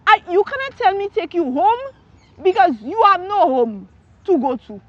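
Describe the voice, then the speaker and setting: God as a calm, still small voice, gentle and quiet, as a woman quotes him in her testimony. The delivery is unhurried and soft, and the recording is dry with a slightly dull tone. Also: very high-pitched, dry recording, voice pushed up.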